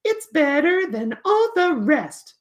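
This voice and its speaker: A stubborn, boastful boy puppet, voiced by a woman talks in a high, bright voice. His pitch leaps around as he chants his lines in a sing-song way. He insists on every point. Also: big pitch swings, slow, full character voice. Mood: insistent.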